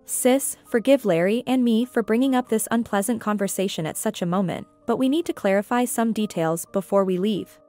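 A woman's voice: mid-range voice, a little fast, few pauses, dark tone, soft background music, natural voice. A woman reading the lines of a blunt, pushy younger sister in a curt, demanding way.

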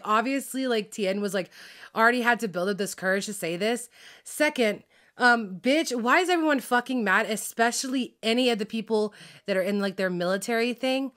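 Her medium-pitched voice has a fairly bright tone as she rants about a TV drama in her vlog. She's heated and profane, heavy on fillers, breaking into laughs, and so frazzled that she keeps losing track of names.

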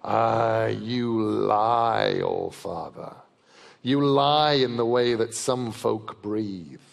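A man's voice: fairly low pitch, drawn-out words, creaky, full character voice. A man reading aloud and voicing a huge, proud male wolf who is suspicious and scornful, speaking in a growling, defiant way. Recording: long reverb of a large festival hall.

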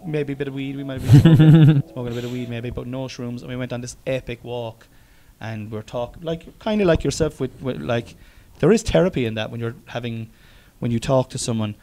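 A man's voice: mid-range voice, a little fast, few pauses, warm tone. Rambling Irish man in his forties. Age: 40s. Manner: rambling, swearing, stop-start sentences. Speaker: podcast host. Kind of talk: casual chat.

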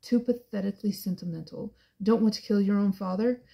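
A woman voicing a cruel, mocking older man who taunts his son with contempt, in a gravelly, husky voice. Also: medium pitch, a little fast, dark tone. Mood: contemptuous.

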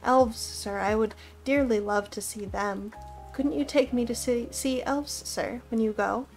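A timid young country gardener who pleads in a high voice and drops his g's, as a woman reading aloud puts him on. The voice sits above her usual pitch and comes through a little louder. Soft music plays underneath. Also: a little slow. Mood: eager. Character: timid young male gardener hobbit, rustic. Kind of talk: storybook reading.

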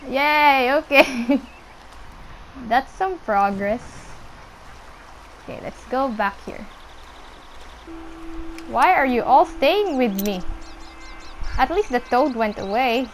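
A young woman casually commenting on her gameplay, chatting to the animals on screen and squealing when excited. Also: a little high, slow pace, pauses often, a little hiss or hum, poor audio. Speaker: gameplay streamer.

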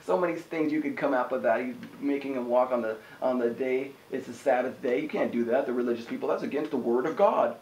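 A man preaching a sermon in an energetic, conversational way, often asking the listeners "amen?". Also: mid-range voice, quick pace, hardly any pauses, reverberant, rough recording. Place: house church room.

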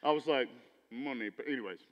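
Animated preacher, high voice, church hall reverb. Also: male voice, fairly quick, highs cut off, slight background noise. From Texas. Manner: animated, preachy, swings between loud emphasis and quiet asides. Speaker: pastor. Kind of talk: sermon. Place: church sanctuary.

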